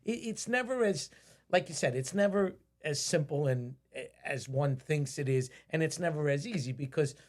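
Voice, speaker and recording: A man's voice: fairly high pitch, moderate pace, darkish tone. A man hosting a casual podcast conversation, talking emphatically and often repeating phrases and restarting his sentences. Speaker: podcast host.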